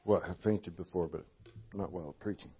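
A middle-aged man preaching a sermon in church, animated, often repeating words and clearing his throat, on a dull lo-fi recording. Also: low-pitched, brisk, slight background noise.

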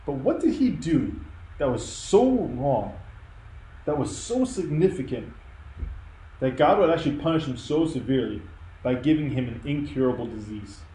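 A man's voice: mid-range voice, sing-song, normal speed, warm tone, roomy sound, slight background noise, low-quality recording. A man preaching a sermon, earnest and emphatic in a conversational way. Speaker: pastor. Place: church.

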